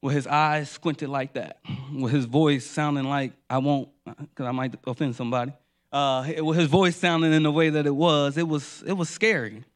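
A man from New Jersey preaching a sermon, building rhythmic repeated refrains. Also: a little high.

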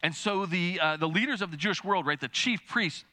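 The sermon comes from a man who is a pastor, delivered animatedly and in fits and starts, with words frequently repeated. Quoted speakers get acted out through large pitch leaps.

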